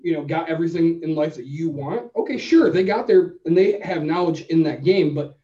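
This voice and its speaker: Animated man telling a story, roomy sound. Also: fairly high pitch, brisk. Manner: animated, acts out both sides of a conversation. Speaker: podcast co-host. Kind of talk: casual storytelling. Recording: roomy, distant, dull sound.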